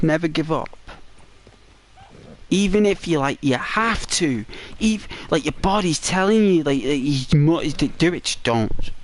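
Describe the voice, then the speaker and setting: A man from England hosts a relaxed game livestream and reads out viewers' comments as he goes. He talks at an unhurried pace in a slightly raised voice, greeting each viewer by name and cheering them on. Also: on the high side. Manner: chatty, encouraging, addresses chat by name. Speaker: gaming livestreamer. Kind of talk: casual chat reading viewer comments.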